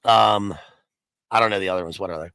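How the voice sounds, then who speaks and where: Gravelly guy chatting as a guest, rambles and restarts a lot, dry close mic. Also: deep voice, fast, bright, forceful tone, dry recording, low-quality recording. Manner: rambling, restarts often, muses aloud. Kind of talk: casual chat.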